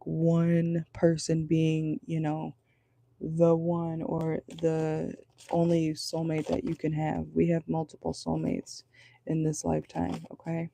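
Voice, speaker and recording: A man with a dark, gravelly voice gives a relaxed tarot reading from a parked car. He sits a bit high in his range and talks loosely, reassuring his listeners. He keeps checking in with a casual "okay?". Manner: loose, chatty, reassuring, many fillers like "okay?". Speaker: tarot reader.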